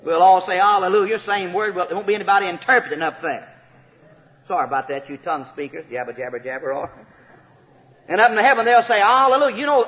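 A man preaching a sermon, emphatic and repetitive, rising to shouted praise. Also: high voice. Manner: emphatic, repeats key phrases, rises to shouts of praise. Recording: tinny phone-like sound with long hall reverb.

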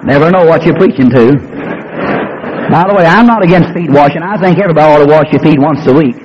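Folksy preacher, high voice. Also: male voice, quick pace, background noise. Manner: folksy, self-mocking, dramatic. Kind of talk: storytelling sermon. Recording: muffled recording with audience.

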